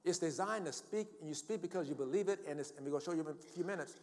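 A man's voice: fairly high pitch, very fast, few pauses, a little mellow. An older man preaching a sermon in a church, quoting scripture emphatically and calling for responses from the congregation. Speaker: pastor. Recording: long hall reverb.

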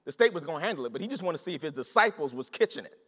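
A man preaching a sermon to his congregation in an animated, conversational way, repeating phrases and calling out to the listeners. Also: on the high side, rapid-fire. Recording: long reverb of a large hall.

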